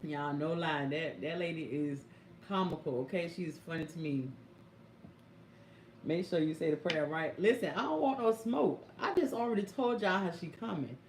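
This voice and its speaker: A young woman who works as a caregiver vlogs on a live stream, telling stories in AAVE. She chats animatedly with viewers, calling them y'all and baby. Her low voice moves at a moderate pace, and the echoey room adds a little hiss or hum.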